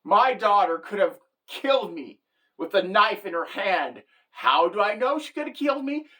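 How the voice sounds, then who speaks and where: A middle-aged woman with a mid-range voice tells a comic story as a monologue. She talks in an animated way and drops her punchlines deadpan. She slips into the voices of the people she quotes. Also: medium pitch, normal speed. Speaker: comedic storyteller.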